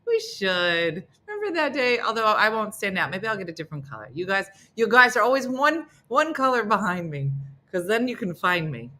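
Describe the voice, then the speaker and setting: Bright and forceful, her voice bounces along in a sing-song at a moderate clip. The middle-aged woman hosts a casual live morning chat, ribbing her viewers and putting on high, silly voices for others.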